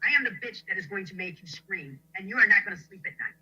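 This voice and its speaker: A woman's voice: mid-range voice, animated, quick pace, bright, forceful tone, slightly rough. Furious, threatening woman, lo-fi sound. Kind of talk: angry threatening rant.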